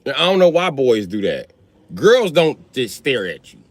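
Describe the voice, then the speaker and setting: A man in his thirties telling comic stories about his kids in an animated, profane way, jumping into high yelps. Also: moderate pace, no echo. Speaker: stand-up comedian. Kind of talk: stand-up storytelling.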